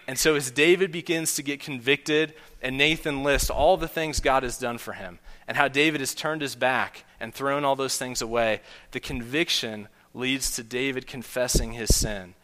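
Male pastor, bright tense voice, earnest sermon delivery, long hall reverb. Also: medium pitch, moderate pace, hardly any pauses. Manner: earnest, storytelling with acted quotes.

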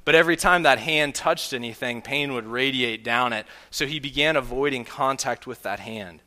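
Bright-voiced male pastor preaching in a hall. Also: medium pitch, normal speed. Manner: earnest, storytelling with acted quotes. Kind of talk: sermon. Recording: long hall reverb.

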